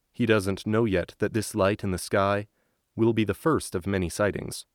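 Deep-voiced man narrating a story. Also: dry recording, studio quality. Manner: slow, measured reading. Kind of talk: scripted audiobook narration.

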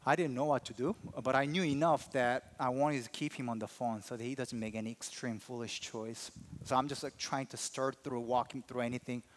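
A man preaching a sermon as a pastor, telling a personal story in an animated, emphatic way. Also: medium pitch, brisk.

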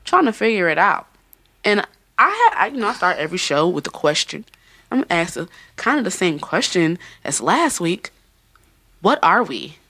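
A woman's voice: on the low side, very animated, moderate pace, a bit bright. A woman hosting a casual podcast, talking loosely, swearing and laughing often. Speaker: podcast host.

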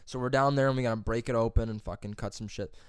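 A young man talks casually and swears constantly as he rambles through a job story. His voice is clear and resonant. It sits at a middle pitch and is recorded close and dry. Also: steady tone, fast talker, dry recording. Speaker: plumber's helper telling a story. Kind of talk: casual chat.

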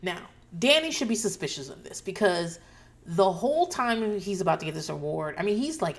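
A woman's voice: mid-range voice, brisk. Swearing, ranting podcast woman. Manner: ranting, swears freely, animated asides. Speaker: podcast host recapping a show. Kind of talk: casual recap chat.

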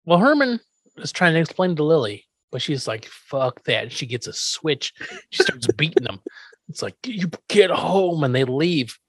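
Lively, animated podcast co-host. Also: mid-range voice, a little slow, breathy edge, no echo. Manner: animated storyteller, swears freely. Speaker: podcast co-host recapping an episode. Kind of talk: casual recap chat.

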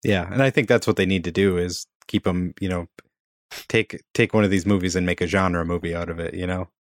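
A man's voice: low-pitched, fairly even intonation, a little fast, no echo, clean studio sound. A man with a Minnesotan accent co-hosting a casual podcast, reading an old letter aloud, laughing and stumbling over words. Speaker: podcast co-host.

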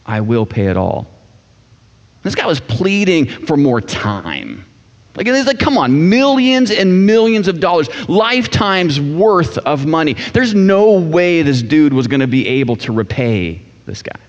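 A man preaching a sermon in a casual, animated storytelling manner. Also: a little high, measured pace. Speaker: pastor. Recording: echoey hall, dull sound.

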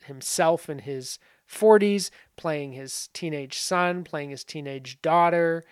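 A man's voice: a little high, takes it slowly, clean tone, no echo, clean studio sound. A man casually talking through film comparisons, rambling with many fillers and asides. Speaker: film commentary host. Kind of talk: casual spoken film analysis.

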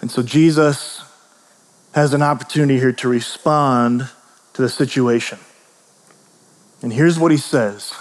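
A man preaching a sermon as pastor, casual and storytelling, tossing in quick asides and questions to the listeners. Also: medium pitch. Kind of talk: conversational sermon. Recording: long reverb of a large hall.

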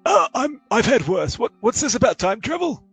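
A man's voice: extremely high pitch, sing-song, moderate pace, vocal fry, fairly bright tone, breathy edge, no echo, soft background music, pitched above the performer's own voice, exaggerated voice. A man voicing a fussy elderly male professor who talks in a bewildered, quavering way. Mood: musing.

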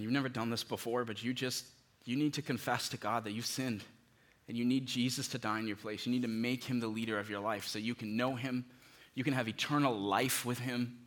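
A man preaching a sermon as pastor, pleading with his listeners and dropping from loud bursts to hushed tones. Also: mid-range voice.

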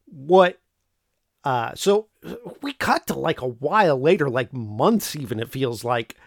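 A man's voice: medium pitch, lively intonation, measured pace, gravelly, no echo, studio quality. Rambling, joking man retelling a film plot. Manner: rambling and joking, with many fillers. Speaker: podcast host recapping a film. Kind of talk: casual chat.

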